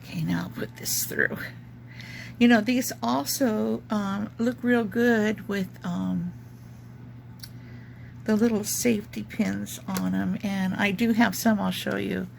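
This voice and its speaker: A woman's voice: medium pitch, steady tone, slow pace, gravelly, slight background noise. A woman casually showing her craft work, rambling and searching for words with many ums. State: has the hiccups. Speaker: junk journal crafter. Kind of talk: casual craft show-and-tell.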